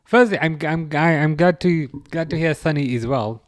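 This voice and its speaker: A man's voice: a little high, moderate pace, no echo, studio quality. A man hosting a football livestream, chatting casually, chuckling wryly and answering comments from chat. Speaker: livestream host.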